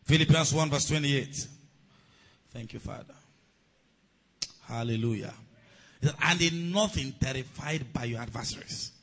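A man preaching a sermon as a pastor, calling on the congregation to respond and rising to shouts. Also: medium pitch, normal speed, pauses often, husky, poor audio.

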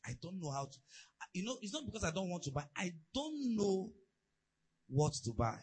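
A man preaching a sermon, telling stories and asides in an animated way. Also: high-pitched, moderate pace, breathy edge, low-quality recording. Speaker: pastor.

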